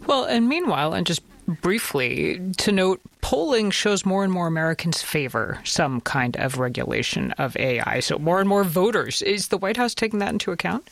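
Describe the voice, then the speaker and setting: A woman hosting a radio news interview, asking brisk questions. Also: lowish voice, very animated, vocal fry, no echo. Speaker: news host.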